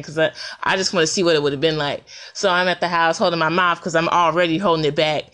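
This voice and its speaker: A woman talking casually into a recorder, telling a story in an animated, colloquial way and laughing often. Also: fast talker, few pauses. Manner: animated storytelling, jumps high for reactions. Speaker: podcaster. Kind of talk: casual monologue. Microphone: handheld recorder.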